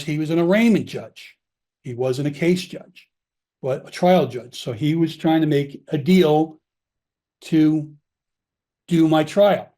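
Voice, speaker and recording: A middle-aged former police officer from Long Island, New York, tells his story in an interview, getting emotional and profane and acting out the people he quotes. His voice is a little high with a dark tone.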